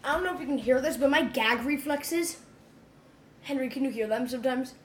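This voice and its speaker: A young woman co-hosts a podcast in relaxed, casual chat. Her voice sits high, and she talks in a giggly, chatty way, quick to sound grossed out. A faint hum of noise runs behind her. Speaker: podcast co-host.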